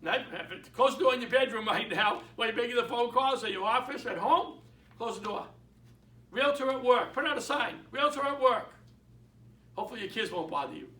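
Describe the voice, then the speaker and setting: High-voiced older man teaching, echoey room. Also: fairly quick. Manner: animated, acts out phone dialogues. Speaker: real estate trainer. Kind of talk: training talk. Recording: echoey room, mic at a distance.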